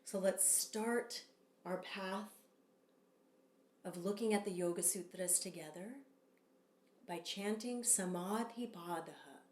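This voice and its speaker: A woman teaching a yoga sutra lesson, speaking calmly and measured, leading chants. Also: medium pitch, reverberant. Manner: calm, slow and measured, with long drawn-out chants. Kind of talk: Sanskrit sutra lesson with call-and-response chanting.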